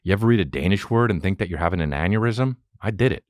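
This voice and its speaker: A man's voice: sits low, lively intonation, quick pace, no room sound, clean studio sound. A man hosting a podcast alone at home, talking in a loose, profane, rambling comedic monologue that jumps from topic to topic. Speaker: podcast host. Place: home room with a fan running.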